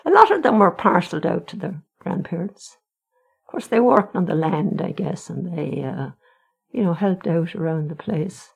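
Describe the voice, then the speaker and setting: Speaking as an interviewee, an older woman from Ireland shares frank, wry stories about her family's history in a conversational manner. She has a fairly low, creaky, expressive voice and talks at a moderate pace.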